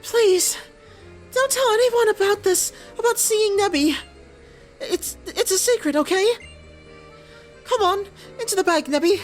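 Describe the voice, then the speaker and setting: A man voicing a shy, gentle teenage girl in falsetto, with soft, hesitant, apologetic speech that comes out slightly British. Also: measured pace, long pauses, faint music behind. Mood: pleading.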